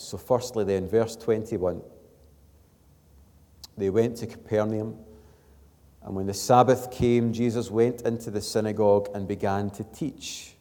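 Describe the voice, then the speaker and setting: Male pastor, low mellow voice with a slight strain, earnest sermon, long church reverb. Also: gravelly. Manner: earnest, building to emphatic peaks then dropping soft. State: struggling voice.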